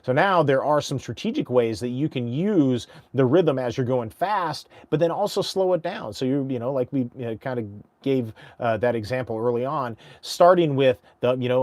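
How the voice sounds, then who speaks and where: A mid-pitched male auctioneer teaches with lively, chatty energy, now and then rattling off fast, rhythmic chant runs. His voice sits close to the mic in a dry space with no room echo. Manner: breaks into rapid rhythmic auction chant and tongue twisters; energetic, conversational, frequent restarts. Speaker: auctioneer and instructor. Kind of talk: casual teaching with chant demos.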